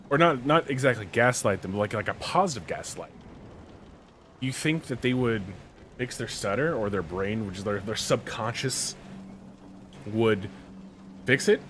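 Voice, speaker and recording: Here the same kind of man, medium-pitched and a bit bright, co-hosts a podcast by reading a story and then riffing with jokey slang in between. A little hiss or hum sits under the recording.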